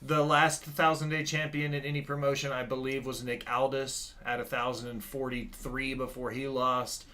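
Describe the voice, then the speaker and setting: A man's voice: mid-range voice, little pitch movement, moderate pace, few pauses, pushed and bright. A man co-hosting a casual chat, confident and opinionated, quoting figures. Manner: confident, opinionated, stat-citing. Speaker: podcast co-host.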